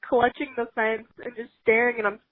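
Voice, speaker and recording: A woman co-hosting a podcast, telling an upsetting story in an animated, emotional way, near tears and full of "like". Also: fairly high pitch, brisk. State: close to tears. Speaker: podcast co-host. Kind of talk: casual chat, storytelling. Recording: phone-like audio.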